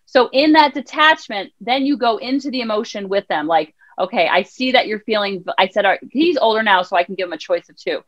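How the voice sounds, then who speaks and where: A woman child counselor on a podcast, telling a parenting story in an animated way and acting out her son's lines. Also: mid-range voice, a little fast, hardly any pauses, dull audio. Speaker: child counselor and life coach guest. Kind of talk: podcast conversation.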